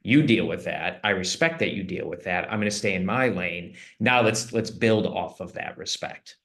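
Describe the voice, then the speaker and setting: A man appearing as a podcast guest, a leadership coach who talks in an earnest, emphatic way, as if giving a pep talk. His voice is fairly low, and he makes his points with conviction and now and then some rough language. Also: normal speed, fairly bright tone. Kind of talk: casual interview talk.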